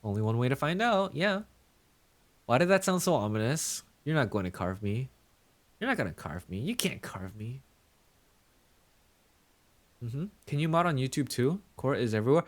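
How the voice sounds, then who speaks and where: A man's voice: medium pitch, very animated, moderate pace, pauses often. A male streamer chatting casually with his viewers, playful and teasing in mock-villain banter.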